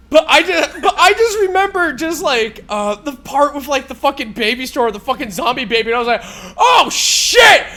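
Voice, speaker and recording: A man in his forties, a live streamer, telling a story in a casual, animated and profane way with frequent laughs. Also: very high-pitched, normal speed, long pauses.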